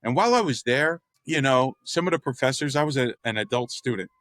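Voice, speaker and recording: A man's voice: mid-range voice, a little fast, no room sound. A man from the Philadelphia area, an artist and developer, telling stories candidly and acting out the voices of the people in them. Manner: animated storyteller who acts out quoted voices; candid, uses mild profanity. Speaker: guest, artist and real estate developer. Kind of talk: storytelling in a conversation.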